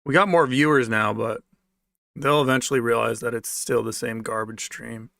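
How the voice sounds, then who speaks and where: A man with a gravelly, creaky voice talks to his livestream chat in a loose, rambling way, full of sarcasm and swearing. His pitch sits at an everyday middle. The sound is dry and close, with no room echo. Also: steady tone, normal speed, a bit bright. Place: basement apartment at home.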